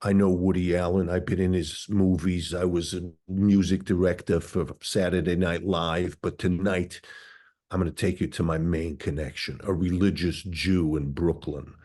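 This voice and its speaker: A man's voice: deep voice, level tone, moderate pace, darkish tone. A man putting on a brash older male music producer from New York with a New York accent, boasting about who he knows. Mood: boastful. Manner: boastful, name-dropping.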